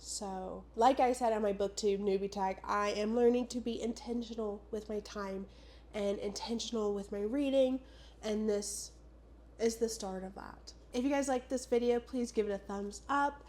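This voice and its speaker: A woman's voice: mid-range voice, steady tone, normal speed, darkish tone. Stuffy-nosed young woman rambling about books. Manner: rambling, full of "like" and "I don't know". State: sick and stuffed up. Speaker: booktuber. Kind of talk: casual chatty book vlog.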